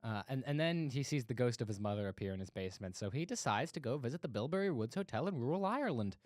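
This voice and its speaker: A man's voice: medium pitch, fast, no room sound, clean studio sound. A man co-hosting a casual movie review podcast, laughing often while he recaps the plot. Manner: animated, laughing recaps with playful put-on quotes. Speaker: podcast co-host.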